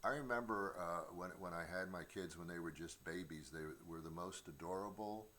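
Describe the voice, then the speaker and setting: A man's voice: deep voice, moderate pace, bright, forceful tone, a little hiss or hum. A middle-aged man hosting a comedy show from his home studio, rambling through a stand-up monologue with stammered restarts and mock voices. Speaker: comedian host.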